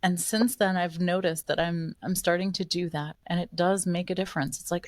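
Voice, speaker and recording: Female podcast host, slightly low voice, affirming, dry recording. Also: steady tone, normal speed, hardly any pauses, no room sound. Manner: affirming, frequent short agreements. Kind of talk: casual interview talk.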